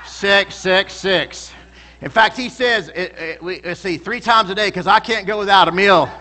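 A man's voice: high-pitched, brisk, bright, forceful tone, a little hiss or hum. A male pastor preaching a sermon in a church, emphatic and calling out to the congregation for responses.

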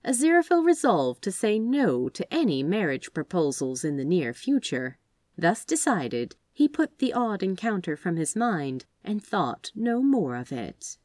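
A woman reading fan fiction aloud as an audiobook, with expressive storytelling and acted character voices. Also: lowish voice, no room sound, studio quality. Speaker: audiobook reader.

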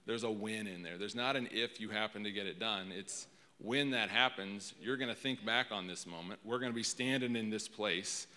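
A man gives a casual, conversational sermon in a lowish but bright, forceful voice. He often repeats a word as he restarts a thought. His voice rings with the long reverb of a large hall. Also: normal speed. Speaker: preacher.

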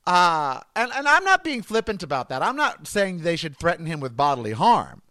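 A man's voice: on the high side, big pitch swings, normal speed, pushed and bright, no room sound. A man hosting his podcast in a campy, rambling comedic monologue. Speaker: podcast host.

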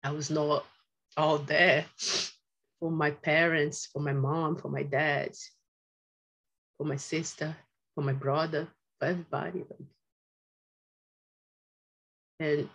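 A woman guest telling personal stories in a halting, reflective way, repeating phrases, with non-native grammar. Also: low voice, low-quality recording. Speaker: podcast guest. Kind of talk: emotional personal storytelling.

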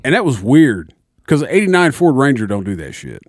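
A man's voice: medium pitch, wildly swooping pitch, a little fast, no echo, clean studio sound. A young man, a little tipsy, telling a long profane story in casual chat. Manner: rambling, profane storyteller, acts out voices. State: slightly tipsy.

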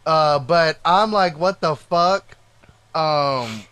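A young man co-hosting a podcast, telling a story in an animated, profane way and loudly acting out what people said. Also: fairly high pitch, drawn-out words, clean tone, no room sound, studio quality. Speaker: podcast co-host. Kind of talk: casual storytelling chat.

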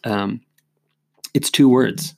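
A man's voice: mid-range voice, very slow, gravelly, no echo, clean studio sound. A man hosting a faith podcast, chatting casually and explaining things in a rambling, friendly way. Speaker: podcast host. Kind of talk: casual chat.

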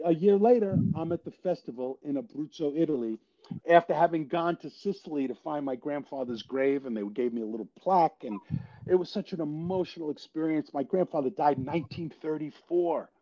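An older actor telling a story in a casual interview, animated and quoting the people in it. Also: male voice, on the high side, a little fast. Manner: animated storyteller, quotes people in his tales. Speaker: guest actor. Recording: dull lo-fi audio.

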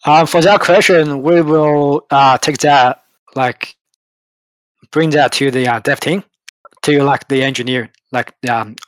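A man answering as a team member in a casual online Q&A, talking quickly and loosely with lots of "like". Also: medium pitch, steady tone, dry recording.

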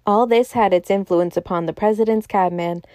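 Reading a classic novel for an audiobook, a woman narrates a script in a measured, even storytelling style. Her pitch is medium, and the studio-quality recording has no room sound.

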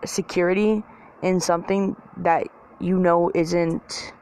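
A woman's voice: fairly low pitch, fairly even intonation, slow, darkish tone. A woman ranting casually to her viewers, rambling, swearing often and mocking herself. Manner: rambling, profane, self-mocking, filler-heavy. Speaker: vlogger. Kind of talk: casual rant to camera.

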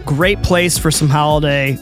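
A man's voice: a little high, fairly even intonation, unhurried, faint music behind. A man co-hosting a casual sports talk show, reading sponsor spots with upbeat enthusiasm. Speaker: co-host.

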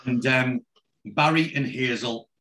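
A man's voice: mid-range voice, slow pace, slight background noise. Man animatedly retelling a story. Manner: animated storyteller, doing voices. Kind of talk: casual retelling of a TV episode.

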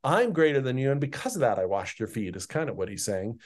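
A man giving podcast Bible teaching in an easy, conversational manner, with a voice of middling pitch. He reads the verses aloud, then paraphrases them in his own plain words. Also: sing-song, quick pace. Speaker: pastor.

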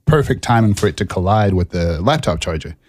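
Low-voiced man telling a story on a podcast. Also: fairly quick, no echo, studio quality. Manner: animated, self-mocking storyteller who laughs at himself. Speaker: podcast co-host. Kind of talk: casual storytelling chat.

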